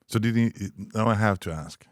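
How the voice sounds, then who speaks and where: A man's voice: fairly low pitch, a little fast, dry recording, studio quality. A man hosting a podcast, easing into a question for his guest. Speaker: podcast host. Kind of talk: interview question.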